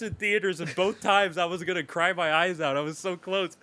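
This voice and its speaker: A man's voice: fairly high pitch, moderate pace. A man co-hosting a podcast, chatting casually and swearing a lot as he tells emotional stories. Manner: animated, profane, emotional storytelling. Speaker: podcast co-host.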